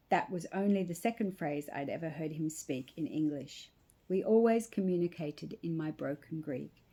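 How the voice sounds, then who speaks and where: A woman reads her memoir aloud in the first person, measured and reflective. Her voice sits low and sounds warm and mellow. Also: expressive, slightly rough. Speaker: author reading her memoir. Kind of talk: first-person story reading.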